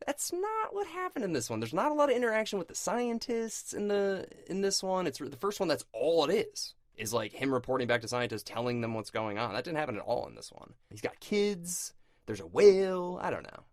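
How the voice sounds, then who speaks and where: A man co-hosting a podcast, talking casually about a film, animated and argumentative, teasing his co-host. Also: fairly high pitch, a little fast, no echo, clean studio sound. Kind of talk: casual movie review chat.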